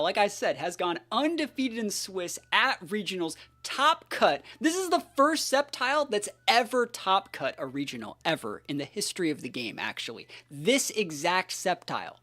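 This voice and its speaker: Man, game caster type, hyped slangy play-by-play, lively swinging pitch. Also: normal speed, few pauses. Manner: hyped, slangy trash talk. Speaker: competitive game player. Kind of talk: live gameplay commentary.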